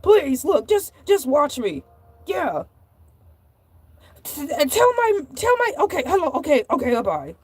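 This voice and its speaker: A woman doing a fussy cartoonish shark host with a high, bright voice, rambling on and repeating himself in indignant bursts. The sound is dry and close, with no room around it. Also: wildly swooping pitch, measured pace, pauses often, dry recording, exaggerated voice. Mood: indignant pleading. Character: Hercules, chatty male shark show host. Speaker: livestream host. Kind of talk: comedic live-stream character monologue.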